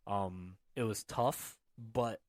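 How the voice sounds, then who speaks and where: A man's voice: on the low side, slow pace, darkish tone, no echo, clean studio sound. A man hosting a casual podcast, telling stories in a profane, rambling way. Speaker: podcast host. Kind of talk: casual chat.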